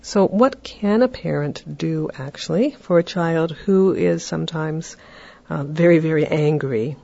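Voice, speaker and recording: A podcast host giving parenting advice in a calm, explanatory way, often checking in with "right?". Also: medium pitch, measured pace, vocal fry, muffled recording.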